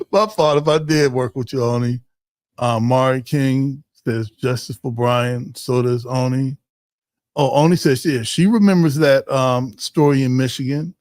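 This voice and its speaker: A man's voice: fairly high pitch, darkish tone, no echo, studio quality. A man hosting a community livestream in a casual, joking way, reading out viewer comments with lots of fillers and restarts. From Ohio.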